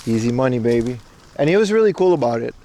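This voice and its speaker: A Caribbean man in his thirties walks through the streets on a casual IRL livestream, chatting with viewers in a mellow, medium-pitched, sing-song voice and talking fast. He rambles and jokes with chat, recorded on a camera rig he carries as he walks.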